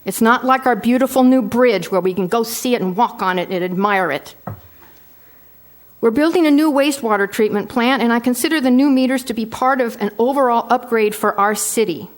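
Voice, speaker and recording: A woman's voice: fairly high pitch, fairly quick. A woman in her sixties, a board member giving a firm, persuasive statement at a public meeting. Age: 60s.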